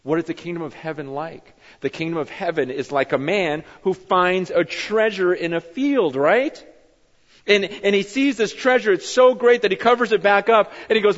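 Male pastor, high-voiced and animated, muffled recording in a reverberant hall. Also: moderate pace. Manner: animated, acts out bible figures in his telling. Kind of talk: sermon.

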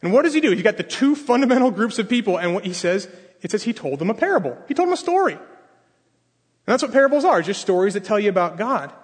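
Husky high-voiced man preaching in a hall. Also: sing-song, quick pace. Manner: casual, asks the audience questions. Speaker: pastor. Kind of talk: conversational sermon. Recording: long hall reverb.

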